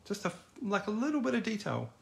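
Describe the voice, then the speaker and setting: A man's voice: high-pitched, wildly swooping pitch, quick pace, gravelly. A middle-aged man teaching a live online drawing class in a casual, encouraging, chatty way. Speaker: art teacher.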